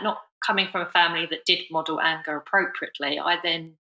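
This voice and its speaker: A woman's voice: deep voice, steady tone, quick pace, bright, forceful tone, echoey room, low-quality recording. A woman hosting a parenting podcast, talking reflectively in casual conversation, with many fillers. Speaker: podcast host.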